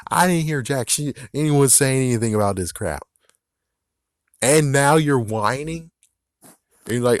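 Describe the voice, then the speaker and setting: A man's voice: mid-range voice, dry recording, clean studio sound. A man giving a ranting commentary on games, exasperated and profane, repeating himself as he vents. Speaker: gaming vlogger.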